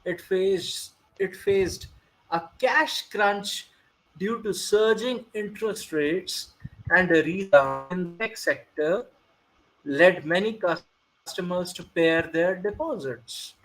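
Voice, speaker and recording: A man reading a news article aloud on an online call during a casual group chat, halting and restarting as he goes. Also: high-pitched, fairly bright tone, poor audio. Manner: reads slowly with halting restarts.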